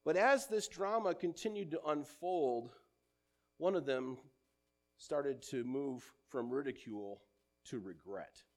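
A man preaching a sermon in a mid-pitched voice. He speaks with earnest conviction, reads scripture in older English, and drops softly at the ends of his phrases. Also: takes it slowly.

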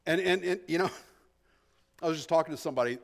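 A male pastor preaching a verse-by-verse sermon with a voice that sits a bit higher than most men's. He drops to near-hushed asides, then pushes key points out loud and slow, often doubling words as he thinks aloud. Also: gravelly. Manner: emphatic, swings between hushed and loud, repeats words while thinking. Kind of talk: expository sermon.

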